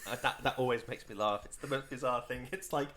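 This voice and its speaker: A man's voice: medium pitch, fast talker, bright, forceful tone. A man co-hosting a podcast in casual chat, wry, often slipping into mock voices. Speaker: podcast co-host.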